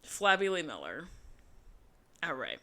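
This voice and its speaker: A woman's voice: deep voice, huge pitch swings, measured pace, sharp tone. A woman co-hosting a podcast, recapping a reality show in casual chat and quoting people in mocking voices. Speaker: podcast co-host.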